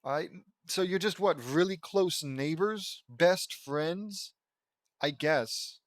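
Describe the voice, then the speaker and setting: A man's voice: on the high side, slow pace, no echo, clean studio sound. A man reading fan fiction aloud and breaking off into sarcastic, rambling asides that question the story. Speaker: reader and commentator.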